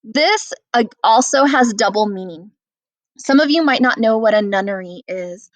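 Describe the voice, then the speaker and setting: A woman's voice: a little high, animated, normal speed, no echo. A woman teacher guiding students through a play in a casual, explanatory way, with frequent "um" and "like". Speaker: English teacher. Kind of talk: guided reading lesson.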